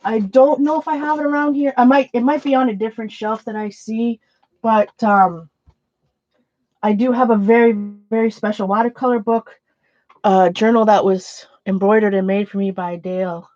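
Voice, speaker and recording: A woman's voice: fairly high pitch, steady tone, moderate pace, a little mellow, no echo, muffled recording. Rambling woman chatting on an art stream. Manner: rambling, self-questioning, many restarts. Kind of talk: casual livestream chat. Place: home art room with shelves.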